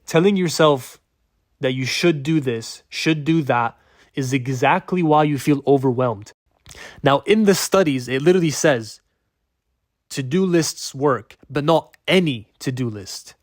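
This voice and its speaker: Man, mid-pitched, dry close sound; blunt, slangy coach type for a casual advice vlog. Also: measured pace, no room sound. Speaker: productivity coach. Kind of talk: casual talking-head advice.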